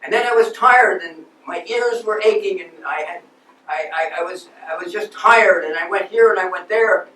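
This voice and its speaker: A man's voice: sits high, moderate pace, pushed and bright, slight background noise. A man in a first-person living-history monologue, playing an aging nineteenth-century landscape architect who tells his story with earnest emotion. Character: aging 19th-century male landscape architect, passionate and restless. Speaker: historical reenactor. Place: lecture hall. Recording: echoey hall, distant mic.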